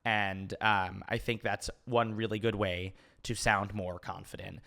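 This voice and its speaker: Rambling young man, low voice. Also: level tone, a little slow, vocal fry, fairly bright tone. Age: 20s. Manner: rambling, lots of fillers and restarts; open and emotional, laughs easily. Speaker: podcast host. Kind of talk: casual Q&A podcast chat. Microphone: podcast mic.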